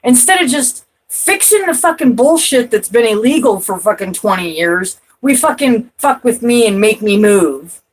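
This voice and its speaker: Husky-voiced woman ranting profanely. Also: fairly high pitch, expressive, moderate pace, hardly any pauses, rough recording. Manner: profane, rambling, restarts, loud outbursts and trailing off. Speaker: vlogger. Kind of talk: rambling personal talk to camera.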